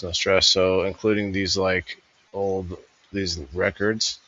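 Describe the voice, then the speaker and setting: A man's voice: sits low, a bit bright, dry recording, muffled recording. A man hosting a casual review, thinking aloud in a rambling voice-over. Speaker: host reviewing a vendor fair.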